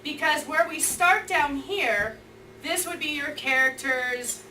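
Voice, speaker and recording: A woman teacher tells her class a story with lively energy, voicing both sides and breaking into squeals and shouts. Her voice sits high and she speaks slowly. The room is echoey, the mic far away, and there's faint noise.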